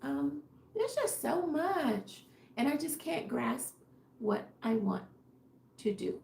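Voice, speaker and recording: A woman, a fashion designer, musing aloud in a casual live stream with a tired, fading voice, halting and unsure of her next step. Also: sits high, big pitch swings, darkish tone. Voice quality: gravelly. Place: home workroom. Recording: echoey room.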